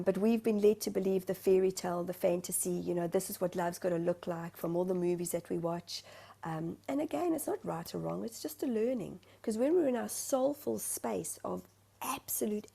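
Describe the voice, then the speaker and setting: A woman's voice: on the low side, normal speed, gravelly, warm tone, slightly rough. A woman from South Africa, a spiritual medium, talking earnestly over a video call and searching for her words. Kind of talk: heartfelt conversational sharing.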